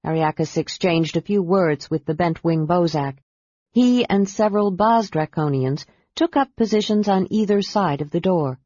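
A reader narrating a fantasy novel in a steady, even storytelling voice. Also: mid-range voice, moderate pace, dry recording. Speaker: audiobook narrator. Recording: dull, dry audiobook sound.

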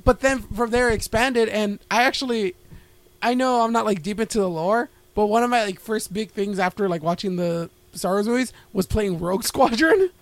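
A man's voice: high-pitched, moderate pace, no echo. A man co-hosting a podcast, chatting casually and rambling, swearing often and laughing a lot. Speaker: podcast co-host. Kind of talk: casual chat.

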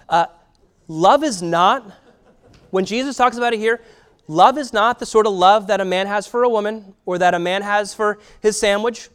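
A man preaching a sermon in a conversational way, with filler words and rhetorical questions. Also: high-pitched. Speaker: pastor.

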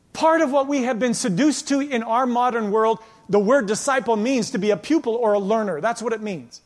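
High-voiced preaching pastor in a reverberant church. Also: male voice, a little fast, few pauses. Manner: emphatic preaching, drops to quiet intense passages. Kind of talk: sermon. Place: church sanctuary. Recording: long church hall reverb.

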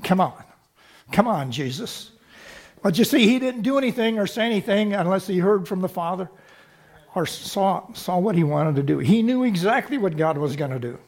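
A man's voice: high voice, a little mellow. A man preaching a sermon, teaching from scripture and checking in with the congregation through short rhetorical questions.

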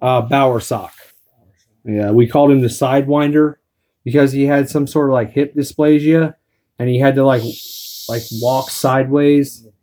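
A man's voice: medium pitch, fairly even intonation, normal speed, dark tone. A man hosting a crude comedy podcast, rambling and swearing constantly. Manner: profane, rambling. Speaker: podcast host.

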